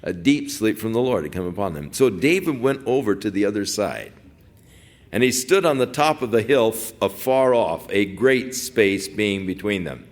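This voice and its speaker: A man's voice: lowish voice, expressive, normal speed. A man teaching through a Bible passage as a pastor, talking conversationally with digressive asides.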